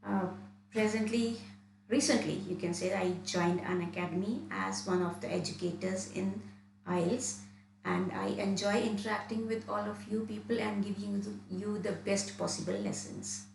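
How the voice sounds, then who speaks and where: A woman's voice: mid-range voice, steady tone, moderate pace, vocal fry, a little mellow. Woman, from India, exam trainer, online lesson, repeats herself, echoey room, faint hum. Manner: repeats and restarts phrases while explaining. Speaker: IELTS trainer.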